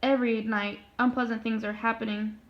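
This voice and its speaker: A woman's voice: fairly high pitch, little pitch movement, brisk, lightly acted. A woman reading as a matter-of-fact sultan. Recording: dull lo-fi recording.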